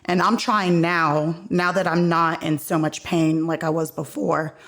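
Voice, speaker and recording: A woman's voice: low voice, little pitch movement, unhurried. Earnest woman telling an emotional story. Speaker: podcast guest. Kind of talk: casual chat.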